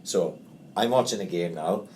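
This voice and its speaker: A man hosting a podcast, telling an animated, sweary story and acting out the quotes. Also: low-pitched, normal speed, slight background noise. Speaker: podcast host. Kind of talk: casual storytelling chat.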